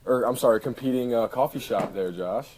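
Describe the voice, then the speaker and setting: A young man co-hosting a casual podcast, relaxed and joking as he brings up a topic. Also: medium pitch, fairly quick. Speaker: podcast co-host. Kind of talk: casual chat.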